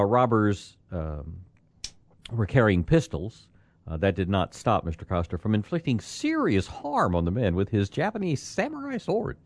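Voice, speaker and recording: A man's voice: fairly low pitch, a little mellow, no echo. A man hosting a morning radio show, chatting casually and telling odd news stories with lots of fillers. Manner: chatty, jokey, many fillers. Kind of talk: casual on-air banter. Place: radio studio. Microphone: studio microphone.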